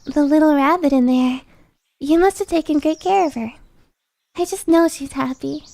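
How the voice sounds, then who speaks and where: A woman's voice: sits high, moderate pace, gravelly, mellow, dry recording, pitched above the performer's own voice. A woman voicing a cheerful, giggly young girl in a game, with a bubbly, laughing manner. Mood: bright.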